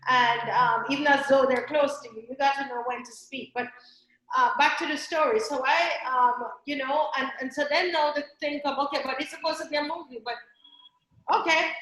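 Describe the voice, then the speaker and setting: A woman from Jamaica, a filmmaker telling her story in an animated, laughing way as an interview guest. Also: sits high, moderate pace, reverberant, poor audio.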